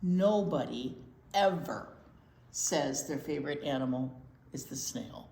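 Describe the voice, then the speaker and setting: A theatrical snail who fancies himself irresistible, tossing out French flourishes, put on by a woman reading a storybook to children. His voice leaps around with lively pitch and takes its time. The room rings around him. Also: a little slow, a little hiss or hum, heavily acted. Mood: mock sad. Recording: echoey room.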